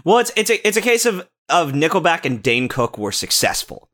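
Male co-host, opinionated storyteller, slightly high and bright-voiced. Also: big pitch swings. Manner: quick, opinionated storytelling with some swearing. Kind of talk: casual chat.

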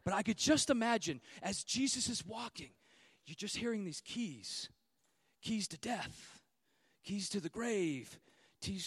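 A man with a very high voice preaches a sermon in church. He builds to loud, repeated declarations, then drops into casual asides to his congregation. The sound is close and dry. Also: animated, measured pace, slightly rough, no echo. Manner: rises to loud emphatic repetition.

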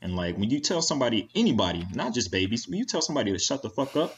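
A man's voice: medium pitch, big pitch swings, rapid-fire, a little hiss or hum. A man on a comedy panel arguing in an incredulous, lecturing way. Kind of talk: casual comedic debate.

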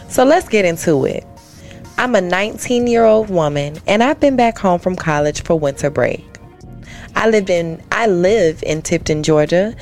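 A woman's voice: fairly low pitch, a little mellow. A woman guest co-host on a comedy podcast, reading a listener's letter aloud and breaking into playful asides and laughter.

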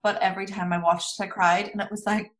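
A woman guest on a podcast with a voice in the middle range, chatting casually. She tells her stories in a lively way and laughs easily as she goes. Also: medium pitch, quick pace. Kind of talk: casual chat.

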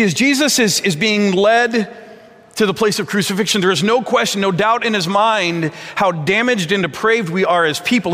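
Man, pastor, high voice, earnest conversational sermon, stumbles and restarts, long hall echo. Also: pushed and bright. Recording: long reverb of a large hall.

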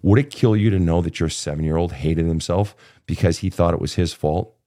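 A man's voice: sits low, fairly quick, dark tone. A man in his fifties coaching a guest through childhood pain in a blunt, profane, impassioned way. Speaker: therapist host. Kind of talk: emotional coaching session.

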